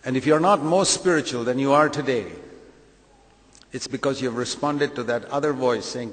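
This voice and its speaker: A man's voice: medium pitch, normal speed. Brief: a male preacher with a mid-range voice, emphatic sermon delivery, long reverb from a big hall. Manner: emphatic, rhetorical questions, acts out quoted voices.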